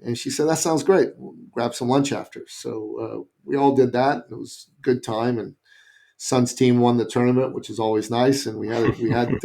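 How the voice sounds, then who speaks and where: A middle-aged man from Canada, a guest on a podcast interview, telling a story in an animated way. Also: mid-range voice. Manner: animated, acts out quoted voices.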